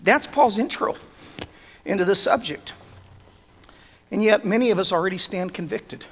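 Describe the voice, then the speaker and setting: A man preaching a sermon as pastor, earnest, building to loud emphatic peaks. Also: sits high, moderate pace. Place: church sanctuary. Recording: long reverb of a church hall.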